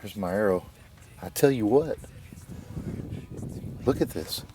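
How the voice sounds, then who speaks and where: A man's voice: fairly low pitch, lively intonation, slow pace, dark tone, slight background noise. A man who is a bowhunter, narrating his hunt in short, plain spoken phrases, talking outdoors in the woods. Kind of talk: hunting show narration and field talk.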